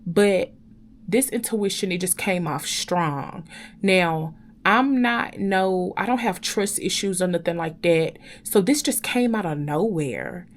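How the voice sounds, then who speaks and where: A young woman telling a personal story to her viewers in an animated, chatty way, often calling out to them directly. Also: on the low side, takes it slowly, a little hiss or hum. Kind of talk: casual storytime chat.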